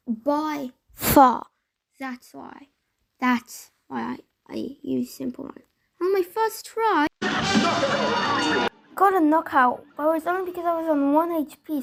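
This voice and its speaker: A woman giving a casual, chatty voice-over commentary on her gameplay, excitable and rambling as she talks through each boss fight. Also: sits high. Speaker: gaming commentator.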